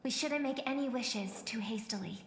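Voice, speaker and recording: An earnest young heroine from a video game who wants to unite everyone. Her voice sits a bit high and sounds sincere and persuasive. It comes through a roomy game mix with long reverb and faint music. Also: normal speed, creaky, a little hiss or hum. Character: earnest, idealistic young woman game master.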